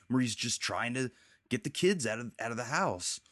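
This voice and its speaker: A man's voice: mid-range voice, animated, brisk, fairly bright tone, dry recording, clean studio sound. A man hosting a casual chat, rambling as he recaps TV scenes and quotes the characters' lines. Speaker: podcast host.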